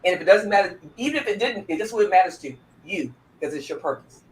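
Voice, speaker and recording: A woman's voice: mid-range voice, lively intonation, fast talker, roomy sound, a little hiss or hum, poor audio. A woman, a former police corporal, telling a heartfelt personal story with lots of restarts and repeats.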